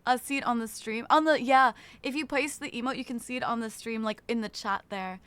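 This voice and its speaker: Young woman streamer, casual chat, fairly high, crisp and dry. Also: fairly quick, few pauses, fairly bright tone, no room sound. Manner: chatty, greets chat by name, swears casually.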